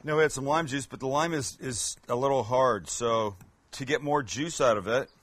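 Husky joking man hosting a cooking show. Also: mid-range voice, normal speed, a bit bright, no room sound. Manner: joking, chatty, self-mocking asides. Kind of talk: casual cooking demo chat.

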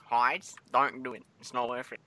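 Over game voice chat, a young adult Australian gaming video host runs a joking mock interview, cursing constantly, teasing, and wandering off between questions in his crude way. His mid-range voice comes across flat and moderately paced. The recording is very noisy.

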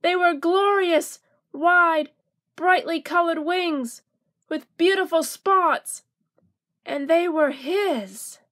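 A woman reading a children's storybook aloud in a slow, gentle, expressive way. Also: very high voice.

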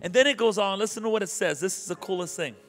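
A man's voice: high voice, quick pace, fairly bright tone, soft background music. A male pastor preaching with energy, leading the congregation in call and response and reading scripture. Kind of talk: sermon. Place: church sanctuary. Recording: live church recording with long reverb.

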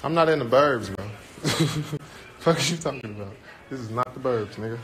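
A young man talks straight into his phone from home, loose, profane and rambling. His voice sits in a middle register, and steady noise hangs under the recording. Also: mid-range voice, fast talker. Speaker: livestream host. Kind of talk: casual livestream chat. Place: indoors at home. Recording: noisy phone livestream audio.

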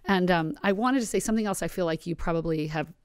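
A woman's voice: lowish voice, fast, smooth, dry recording. A woman hosting a podcast, speaking earnestly and rambling a little as she sets up a question for her guest. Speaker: podcast host. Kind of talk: interviewing a guest.

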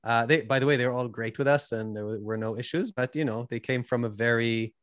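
A man's voice: medium pitch, quick pace, a bit bright, no echo, clean studio sound. A young man with a mixed Canadian, British and Israeli accent, chatting and rambling a little as a podcast host being interviewed. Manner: rambling, self-deprecating, chatty. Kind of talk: casual interview conversation.

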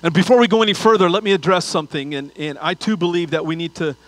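A man's voice: a little high, fairly even intonation, quick pace, a bit bright, no echo, poor audio. A man preaching a sermon as pastor, telling a funny story with asides before turning to scripture.

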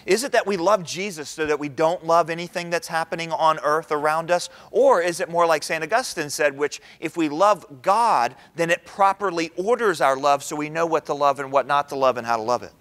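A middle-aged man giving a sermon-style talk in a church, conversational and animated, often asking the audience questions. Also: fairly quick, hardly any pauses. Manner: animated, with big pitch swings. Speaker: speaker at a church event.

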